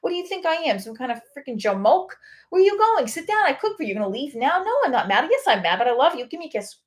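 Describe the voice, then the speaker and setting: A woman voicing an emotional Italian family member who swings between scolding and affection, in a high, excited voice. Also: quick pace. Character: loud, emotional Italian relative, hot and cold.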